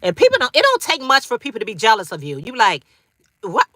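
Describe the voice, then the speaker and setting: A woman's voice: a little high, wildly swooping pitch, quick pace, sharp tone, no room sound, clean studio sound. A woman hosting a casual livestream, talking straight to viewers, repeating phrases for emphasis with slangy asides. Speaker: livestream host.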